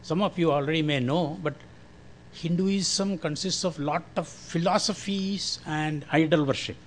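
An older man from India with a Malayalam-influenced Indian accent, giving a slow, careful church testimony. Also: fairly high pitch, a little hiss or hum. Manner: slow, careful, friendly with short laughs. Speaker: guest speaker giving testimony.

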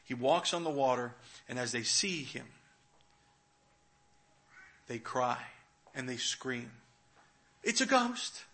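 A man preaching a sermon, retelling a scripture story and swinging between hushed, quiet moments and loud, dramatic ones. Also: mid-range voice, slow pace, gravelly, pauses often. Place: church.

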